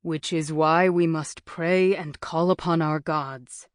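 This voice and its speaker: A woman's voice: low-pitched, takes it slowly, no room sound, clean studio sound. A woman narrator voicing a grave, reassuring father in an ancient town. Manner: grave, steady.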